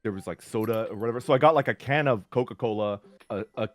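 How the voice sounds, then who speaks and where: A man's voice: mid-range voice, fast talker. Rambling man telling camp stories. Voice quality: rambling, full of "like" and restarts. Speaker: streamer. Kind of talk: casual storytelling. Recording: faint music underneath.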